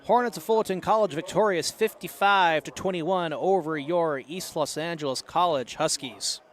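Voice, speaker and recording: Brief: male play-by-play announcer, slightly high voice, relaxed sign-off delivery. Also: moderate pace. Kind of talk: live sports commentary. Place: outdoor stadium press box.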